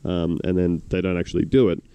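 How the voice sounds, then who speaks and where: Australian guy on a podcast, really low mellow voice, sardonic and rambly, dry sound. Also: level tone, fast, clean tone, dry recording. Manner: sardonic, rambling with many restarts. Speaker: podcast host. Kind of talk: casual chat.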